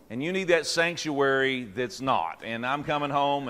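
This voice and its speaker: Man, middle-aged, pastor, conversational teaching, folksy, jokey, halting fillers, medium pitch, long hall reverb. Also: fairly bright tone. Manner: folksy and joking, with many fillers and restarts.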